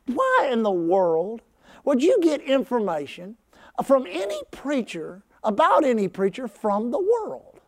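A pastor with a very high voice preaches a sermon, leading his congregation in call-and-response. His pitch swoops wildly and his pace is a little slow; he talks conversationally but with fervor, rising to shouts at his peak moments.

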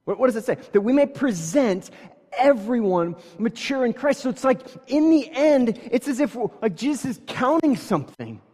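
High-voiced man preaching in a hall. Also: lively intonation, darkish tone. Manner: conversational, with many fillers and quick asides. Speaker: pastor. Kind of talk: sermon.

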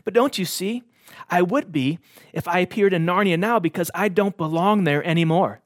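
A man's voice: high voice, normal speed, no room sound, studio quality, pitched above the performer's own voice, lightly acted. A man doing a raised-voice, eager young king. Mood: eager joyful.

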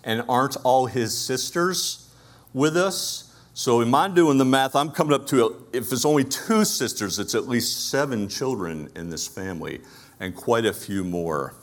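A man's voice: mid-range voice, animated, measured pace. A man with a Brooklyn accent preaching a conversational sermon, asking his listeners rhetorical questions. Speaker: pastor.

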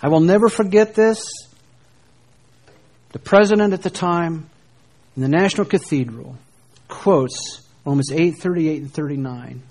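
Middle-aged guy preaching, highish voice, goes quiet then pushes up hard. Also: measured pace, long pauses. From United States. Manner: preaching, shifting between soft hushed lines and emphatic rises. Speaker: pastor. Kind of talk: sermon.

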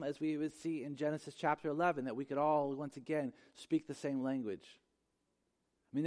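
A man preaching a sermon as pastor, with a notably high voice. He speaks with emphasis and circles back to repeat key phrases. His voice rings out with a long reverb, as in a large sanctuary.

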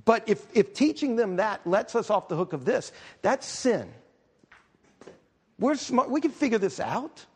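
Male pastor, middle-aged, fairly high voice; conversational sermon full of humorous asides. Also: very animated, a little slow, breathy edge.

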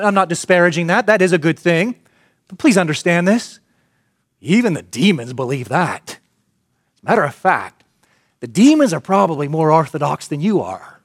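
A man preaching a sermon, telling a story and building to loud, emphatic peaks. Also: fairly high pitch, no room sound, studio quality. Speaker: pastor.

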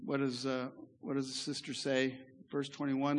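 A pastor giving a sermon in a church, earnest and conversational, with asides to the congregation. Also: male voice, mid-range voice, flat delivery, normal speed. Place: church sanctuary. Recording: echoey hall reverb.

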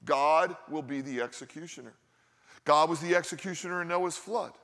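A man's voice: on the high side, normal speed, fairly bright tone, big-room sound. A male pastor preaching a sermon in a conversational style, asking his listeners rhetorical questions.

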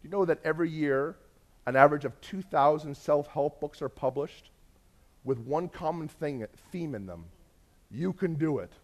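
Storytelling male preacher, hushed to emphatic. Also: a little high, normal speed. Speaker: pastor. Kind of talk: sermon.

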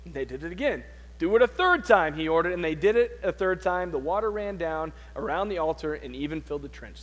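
High-voiced preacher in a reverberant hall. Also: male voice. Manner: dramatic Bible reading with loud peaks and quiet asides. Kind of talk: sermon.

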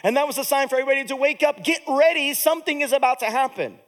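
High-pitched guy pastor, chatty sermon, kinda tired, cracks jokes at himself. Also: rapid-fire. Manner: conversational, self-deprecating asides.

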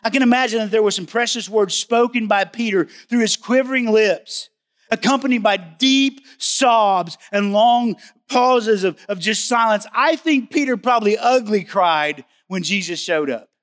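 A man's voice: high voice, moderate pace, fairly bright tone. A male pastor preaching a sermon in a conversational, emphatic way, often asking the listeners questions.

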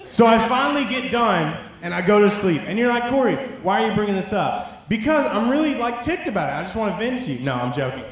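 A man's voice: high-pitched, fast, hardly any pauses, slight background noise. A young man preaching a casual youth sermon, telling a story with jokes and lots of "like". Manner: animated storytelling, jokey asides, lots of "like". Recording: very echoey room.

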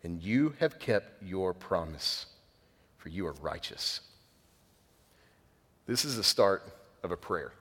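A young man preaching as a pastor, with a fairly low voice that rings out in a hall with a long echo. He tells stories in a relaxed, chatty way, gets louder when excited, then drops to a quiet, solemn emphasis. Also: takes it slowly, pauses often, husky. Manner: conversational, animated storytelling with sudden quiet emphasis. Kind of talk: sermon.

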